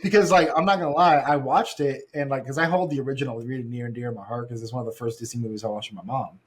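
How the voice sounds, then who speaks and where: A man hosting a casual podcast, excitable and rambling, full of slang and swearing. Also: medium pitch, very fast. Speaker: podcast host. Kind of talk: casual chat.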